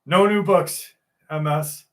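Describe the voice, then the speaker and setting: A man's voice: on the high side, slow pace. A man hosting a live stream, chatting casually and reading viewer comments in a loose, jokey way with plenty of swearing.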